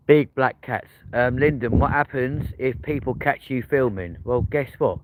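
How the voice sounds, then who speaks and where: A man hosting a live walking stream at night, bantering with chat in a cheeky, sweary way. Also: mid-range voice. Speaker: livestream host. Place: outdoors on windy city streets at night. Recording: tinny phone audio, loud street noise.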